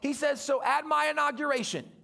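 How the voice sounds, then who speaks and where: A man preaching as a guest pastor, telling a story in an animated way and acting out the voices of the people in it. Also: extremely high pitch, fairly quick, gravelly. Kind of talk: storytelling sermon.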